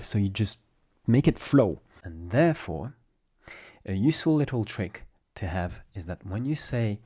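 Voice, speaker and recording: A man's voice: medium pitch, lively intonation, normal speed, mellow. A man with a French accent, a native French speaker, giving a casual pronunciation lesson and patiently repeating examples step by step. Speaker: French teacher.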